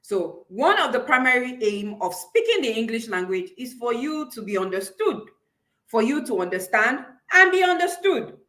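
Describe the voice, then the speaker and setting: A woman's voice: a little high, very animated, normal speed, a bit bright. A woman with a Nigerian accent teaching a live online public speaking class, encouraging listeners and repeating key points.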